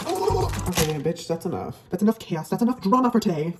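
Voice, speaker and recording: Crude, playful woman with lively swings. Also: medium pitch, measured pace, over loud music. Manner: crude, profane and playful, half-hushed. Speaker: vlogger. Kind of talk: casual comedic cooking vlog.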